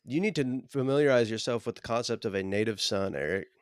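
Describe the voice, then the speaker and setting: A man co-hosting a podcast, trading deadpan, profane jokes in casual banter over a remote call. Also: mid-range voice, quick pace, clean tone, no room sound, clean studio sound. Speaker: podcast co-host. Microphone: remote call mic.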